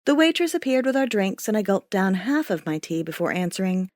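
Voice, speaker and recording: Expressive woman narrating an audiobook. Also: mid-range voice, brisk, hardly any pauses, dry recording, studio quality. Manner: wry, expressive storytelling. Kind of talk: first-person audiobook narration.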